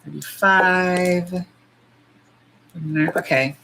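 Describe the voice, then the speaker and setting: A middle-aged woman with a fairly low voice chats casually on a livestream, blunt and quick to swear. She sometimes breaks into loud, high squeals. A faint hiss of background noise sits under her voice. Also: gravelly, poor audio. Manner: blunt, profane and animated, jumping to loud squeals. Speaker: nail polish livestream host. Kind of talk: casual livestream chat while swatching.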